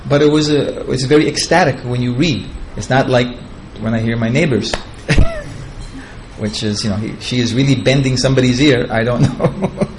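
A man teaches through scripture stories, wandering into chatty asides and chuckling at his own jokes. His voice sits at a middle pitch. A faint ambient hum runs underneath. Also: expressive, moderate pace. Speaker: spiritual teacher. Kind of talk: devotional storytelling lecture.

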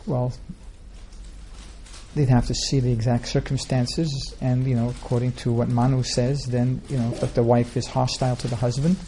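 A man with a low, mellow, gravelly voice answers questions at a religious gathering. He rambles through scripture stories with many restarts and fillers. Faint ambience sits behind him. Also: level tone, moderate pace, slight background noise. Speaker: spiritual teacher answering questions. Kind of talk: informal religious Q&A talk.

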